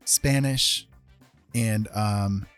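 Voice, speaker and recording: Male stream host, lowish voice, chatty, rambling. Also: extremely slow, a bit bright, clean tone, faint music behind. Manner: rambling, explains at length with fillers. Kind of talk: casual chat.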